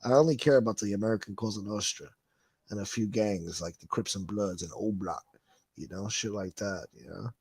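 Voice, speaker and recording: A man's voice: lowish voice, fairly quick, gravelly, a little mellow, breathy edge, no room sound. A man hosting a casual livestream, reading viewer comments and ranting in a profane, sarcastic way. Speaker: livestream host.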